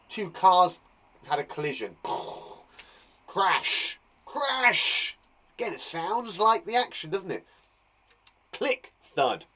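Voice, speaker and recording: In a garden shed classroom, a young British primary school teacher gives an online lesson to young children. His voice is on the high side and a bit bright. He stays playful and encouraging, bringing sound words to life with gasps and laughs.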